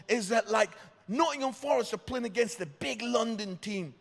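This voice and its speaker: A Scottish man in his fifties, a pastor telling comic stories in a sermon, animated and tagging his lines with "yeah?". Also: very high-pitched, normal speed, vocal fry. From Scotland. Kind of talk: sermon storytelling. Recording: reverberant church hall.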